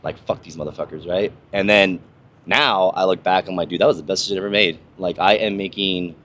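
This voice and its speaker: Deep-voiced profane man telling stories. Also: steady tone, brisk, fairly bright tone. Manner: profane, rambling storyteller. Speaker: podcast host, army veteran. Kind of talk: casual conversation.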